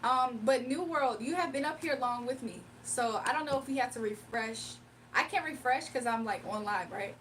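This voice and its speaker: A woman's voice: high-pitched, fairly bright tone. A woman hosting a casual livestream. She speaks, laughing often and reading viewers' chat messages aloud. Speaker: livestream host doing readings. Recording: a bit distant from the mic, faint room noise.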